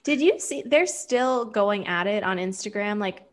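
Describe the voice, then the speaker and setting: A woman's voice: medium pitch, animated, unhurried. A young adult woman co-hosting a casual gossip chat about reality TV, with sarcastic asides and frequent laughter. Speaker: podcast co-host.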